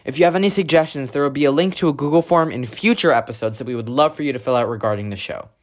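A man introducing a podcast in a casual, slightly halting way, explaining that the crew is new to it. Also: mid-range voice. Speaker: podcast host.

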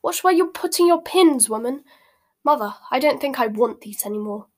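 A spoiled rich schoolboy sneers and scoffs at everyone around him, as a woman reads him aloud. His voice sits fairly high and drips with contempt. A storybook bully, cold and superior. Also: a little fast, lightly acted. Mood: angry. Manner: sneering, scornful.

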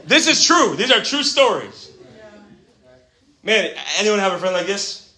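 A high-pitched young man preaches a lively, casual sermon in a church gathering hall, the room echoing around him. He speaks a little slowly with long pauses, swinging between hushed asides and shouts while calling people "bro" and "man."

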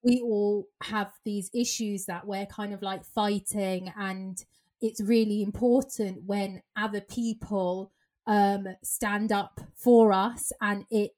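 A woman co-hosts the podcast with a mid-pitched voice. She asks her questions thoughtfully and speaks casually, with fillers. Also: steady tone, slow pace, darkish tone. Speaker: podcast host. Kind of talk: casual conversation.

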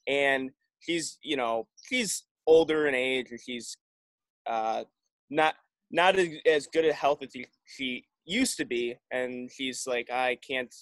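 A man speaks slowly in a fairly bright, mid-range voice as a podcast guest, chatting casually. He rambles loosely, restarts his sentences often, and uses many likes. The recording has no echo.

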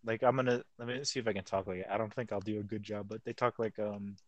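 A man's voice: fairly low pitch, steady tone, fast, no room sound, highs cut off. Young guy, casual co-host, rambles with lots of "like", dry close mic. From United States. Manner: rambling, full of "like" fillers. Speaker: podcast co-host. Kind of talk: casual chat.

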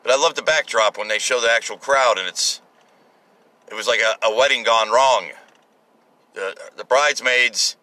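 A man's voice: medium pitch, sharp tone, poor audio. A man giving casual, sarcastic political commentary, ranting with profanity and exasperation.

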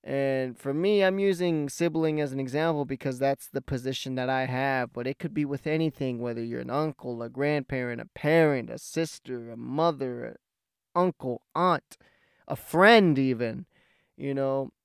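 A man's voice: mid-range voice, normal speed, gravelly, smooth, dry recording, studio quality. A young man vlogging, telling a casual story in a rambling, profane way.

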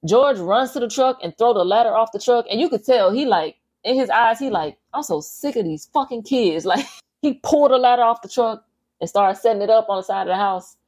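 A woman podcast host casually recapping a horror movie scene by scene, animated and full of profane slang. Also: on the high side, a little fast.

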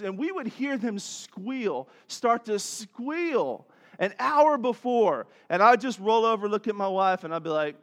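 A middle-aged man preaching a sermon as pastor, telling stories with animated swings from soft to loud. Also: sits high, normal speed.

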